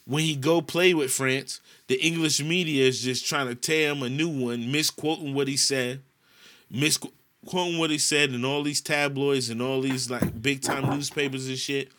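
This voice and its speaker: A man's voice: medium pitch, moderate pace. A man from the United States, ranting in a casual chat on a podcast and cursing a lot. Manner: animated ranting, heavy cursing.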